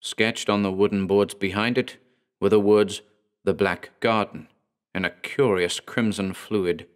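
A man reading a horror story aloud in a measured, deliberate storytelling manner. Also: on the low side, steady tone. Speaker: narrator and author. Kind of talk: scripted horror narration.

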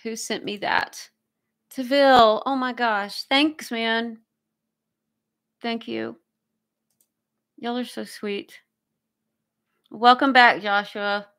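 Woman host, bright and crisp tone, loose chatty livestream delivery, warmly thankful to viewers. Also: a little high, steady tone, slow pace, long pauses. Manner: reads viewer comments aloud, effusively grateful. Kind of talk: casual livestream chat.

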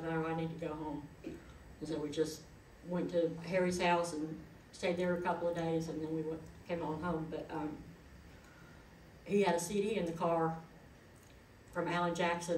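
A low-pitched woman's voice, middle-aged, recalls her late parent in a eulogy told as chatty, homespun stories. She's heard from far off in an echoey hall, with a little hiss or hum.

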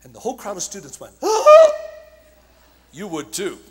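A man preaching at a conference, telling stories with passion, shouting at times and dropping to a hush at others. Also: a little high, big pitch swings, quick pace, very noisy. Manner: impassioned storytelling, swinging from shouts to hushed tones. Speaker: evangelist speaker. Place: large conference hall. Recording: long hall reverb.

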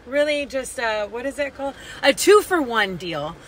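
A woman's voice: fairly high pitch, lively intonation, moderate pace, a bit bright, poor audio. A young woman casually vlogging her day from her car, chatty, swearing freely and poking fun at herself. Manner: profane, chatty and self-mocking. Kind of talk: casual day-in-the-life vlog.

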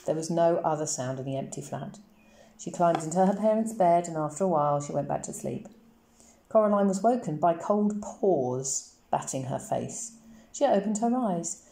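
A woman teacher reading a novel aloud to her class for a lesson, in a slow, expressive storytelling manner. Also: fairly low pitch, gravelly. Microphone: camera. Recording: roomy echoey recording.

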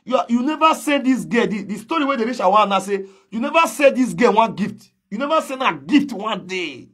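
Husky Nigerian Pidgin man ranting loudly. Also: high voice, lively intonation, moderate pace. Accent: Nigerian Pidgin English. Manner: confrontational, calls out and challenges directly. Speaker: gossip commentator. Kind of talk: ranting social media commentary.

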